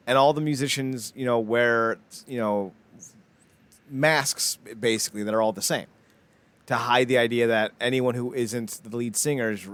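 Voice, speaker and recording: A man's voice: mid-range voice, fairly bright tone. Profane rambling man on a podcast. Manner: rambling, blunt and profane, with frequent "like" fillers. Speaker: podcast co-host. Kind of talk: casual chat.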